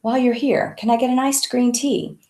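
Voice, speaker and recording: A woman's voice: a little high, level tone, fairly quick, a little mellow, roomy sound, pitched above the performer's own voice, natural voice. A woman voicing a fussy, wealthy male record label boss with a genteel, chatty manner. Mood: genial.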